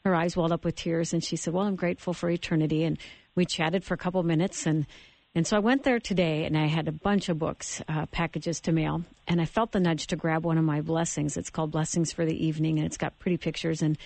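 A woman hosting a Christian radio interview, earnest and telling stories with halting restarts. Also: low voice, steady tone, creaky, darkish tone, dry recording. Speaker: radio show host.

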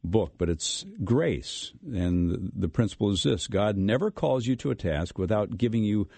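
A man hosting a radio interview, asking questions in a measured way with frequent fillers. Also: lowish voice, animated, vocal fry, dark tone, no echo. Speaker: radio host.

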